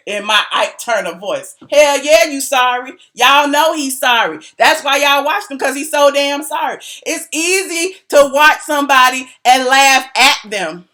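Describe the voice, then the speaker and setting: A woman's voice: high-pitched, expressive, measured pace, hardly any pauses, sharp tone. A woman vlogger giving sassy, casual gossip commentary, repeating herself for emphasis and laughing between lines. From Atlanta, US. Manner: sassy, repetitive, laughing asides.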